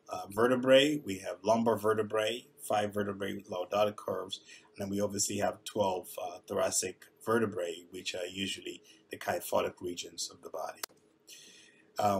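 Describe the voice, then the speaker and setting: A man with a somewhat low, husky voice presents a recorded lesson. He talks in a measured, explanatory way, often pausing on filler sounds. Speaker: neurosurgeon teaching coding.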